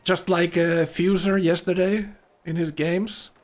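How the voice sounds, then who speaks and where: A man's voice: sits high, level tone, slow. A man from Finland, casually commentating a strategy game, chatty and laughing often.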